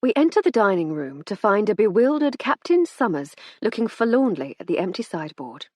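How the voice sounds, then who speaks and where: A woman narrating an audiobook in a wry, measured storytelling manner. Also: mid-range voice, very animated, a little mellow, slightly rough, no room sound. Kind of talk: scripted narration.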